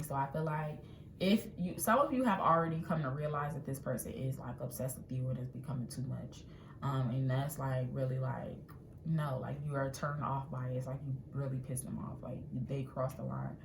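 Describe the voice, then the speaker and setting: A woman giving a casual tarot reading in a chatty, animated way, acting out what people might say. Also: very deep voice, a little fast, gravelly. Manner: chatty, animated, acts out quotes. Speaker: tarot reader. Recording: echoey room with faint ambient noise.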